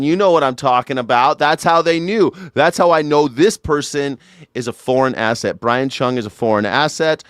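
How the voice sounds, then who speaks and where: A man's voice: mid-range voice, fairly bright tone, smooth, no room sound. A man in a comedic rant, mock-outraged and sarcastic, swearing as he reacts to a news clip on a studio mic. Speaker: commentator. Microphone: studio mic through a mixer.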